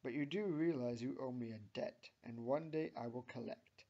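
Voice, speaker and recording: A man's voice: mid-range voice, normal speed, dark tone, natural voice. Man reading as a cocky sly girl, smug, smirking, plain mid voice, dull recording.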